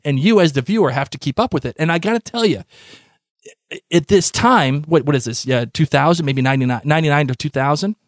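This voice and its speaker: A man co-hosting a podcast in casual chat, animated, with lots of restarts and repeated words. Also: fairly high pitch, fast, no room sound, clean studio sound. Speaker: podcast co-host.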